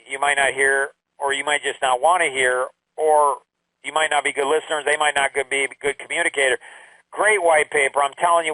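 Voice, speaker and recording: An older man talks to his grandchildren in a loose, rambling way, his fairly high voice leaping up on emphatic exclamations. The sound is dry and slightly distant from the mic. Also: pushed and bright, no room sound. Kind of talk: casual recorded talk to family.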